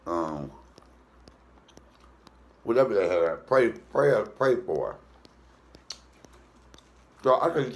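A man who hosts a comedy cooking show, telling a story in a loose, animated way. He swears freely and jumps up into a high falsetto when he quotes people. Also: takes it slowly, pauses often.

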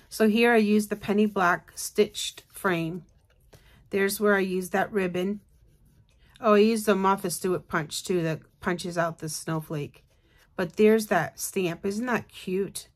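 A woman hosts a craft video in a relaxed, rambling way, full of fillers and little restarts. She sounds tired and keeps yawning as she chats to her viewers. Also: medium pitch. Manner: chatty, rambling, with many fillers. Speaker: craft channel host. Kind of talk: casual show-and-tell chat.

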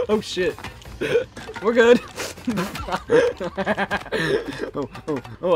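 A game streamer giving profane live commentary, shouting and laughing at the game. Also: mid-range voice, expressive, very slow, vocal fry, pauses often, soft background music.

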